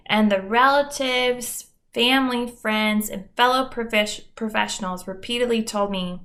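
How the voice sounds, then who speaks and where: A woman's voice: a little high, a little slow, few pauses, pushed and bright. A young adult woman hosting a podcast, talking candidly and mocking herself, with dramatic asides and plenty of swearing. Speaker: podcast host. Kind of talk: candid solo monologue.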